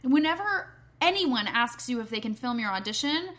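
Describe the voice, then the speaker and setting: A young woman co-hosting a casual chat, telling a story in an animated, self-deprecating way and swearing casually. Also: a little high, normal speed. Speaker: podcast co-host, stage performer.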